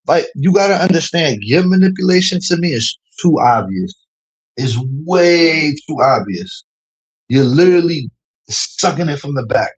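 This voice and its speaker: Husky man ranting mockingly on stream. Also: fairly high pitch, animated, moderate pace, poor audio. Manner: heated and mocking, laughs often; keeps saying "you know what I'm saying".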